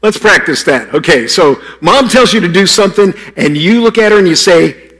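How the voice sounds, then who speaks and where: A man delivers a children's sermon with a playful, teasing manner and talks straight to the young listeners. His voice is husky and slightly breathy. It sits a little higher than most men's. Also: lively intonation, normal speed, fairly bright tone. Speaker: pastor giving a children's message.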